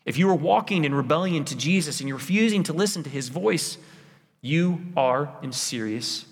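A man's voice: fairly high pitch, expressive, moderate pace, slightly rough. A man preaching a sermon as pastor, in an earnest, pleading tone with repeated rhetorical lists. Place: church sanctuary. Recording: church hall with long reverb.

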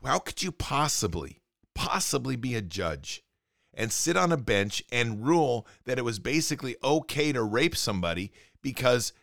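A man's voice: medium pitch, very animated, normal speed, gravelly, fairly bright tone, dry recording, clean studio sound. Indignant man ranting over the news. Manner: indignant, sarcastic, reads news items aloud. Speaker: commentary show host. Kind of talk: ranting political commentary.

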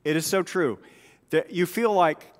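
A male pastor preaching a sermon, telling stories in a relaxed, conversational way with frequent asides. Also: high voice, unhurried, big-room sound. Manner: conversational storytelling with asides and laughs.

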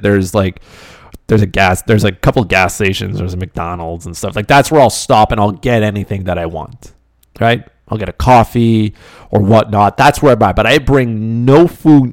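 A Canadian podcast host, talking in a rambling, conversational way with lots of fillers. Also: male voice, fairly low pitch, no room sound, studio quality. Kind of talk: casual monologue.

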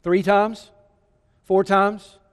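High-voiced preacher telling a story. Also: male voice, flat delivery, drawn-out words, long reverb tail. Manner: storytelling, with rhetorical questions. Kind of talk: sermon.

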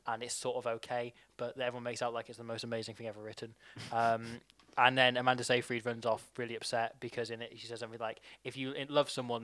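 A man's voice: mid-range voice, a bit bright, dry recording. A man mockingly recapping a film plot in a rambling way, acting out the characters' lines.

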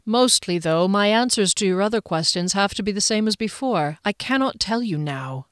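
An earnest male noble leader pleads for understanding while keeping his secrets, as a woman reads him in an audiobook. His words come measured and sincere. The sound is close and dry. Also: medium pitch, lively intonation, clean tone, dry recording, lightly acted. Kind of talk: audiobook character reading.

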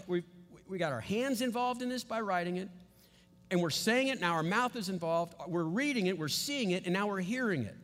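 A man with a high, clear speaking voice leads a church teaching session. He coaches his listeners step by step and keeps checking that they are following. His words ring out with the long reverb of a large hall. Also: fairly bright tone. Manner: coaching, checks in with frequent "okay?". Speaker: Bible teacher.

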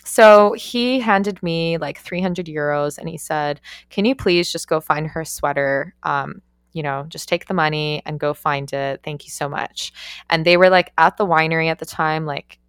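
A woman's voice: low voice, moderate pace, clean tone, no echo, clean studio sound. A young woman who works on yacht crew, telling a story casually with lots of swearing and "like" fillers. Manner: profane, animated, frequent "like" fillers.

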